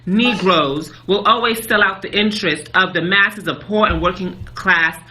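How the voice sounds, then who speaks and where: A woman's voice: medium pitch, normal speed, pushed and bright, a little hiss or hum, low-quality recording. A woman giving an earnest political speech in a clip that is played back.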